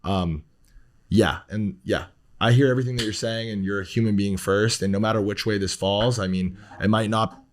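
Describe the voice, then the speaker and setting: A man's voice: fairly low pitch, normal speed. A man, a podcast guest who talks bluntly, rambles with fillers and swears often. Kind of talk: casual podcast talk.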